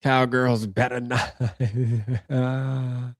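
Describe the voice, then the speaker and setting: A man's voice: mid-range voice, level tone, drawn-out words, dry recording, studio quality. A man hosting a live reaction stream, talking casually in slang and thinking aloud as he goes.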